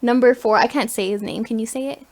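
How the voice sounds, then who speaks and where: A young woman co-hosting a casual podcast. Her voice sits a little high, and she tells stories animatedly with bits of laughter. The tone stays loose and conversational. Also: quick pace. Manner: animated, laughs while telling a story. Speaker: podcast co-host. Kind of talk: casual chat and storytelling.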